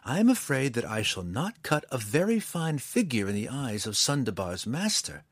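A man's voice: medium pitch, very animated, moderate pace, slightly rough, no echo, studio quality. A man voicing a strong woman ranger who speaks in a mock-sweet, teasing way.

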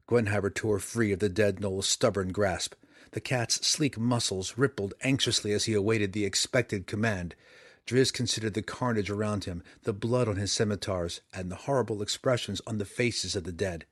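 A man with a fairly low voice narrates a fantasy audiobook. His reading is measured and dramatic, paced for storytelling. The sound is close and dry, with no room around it. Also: no echo.

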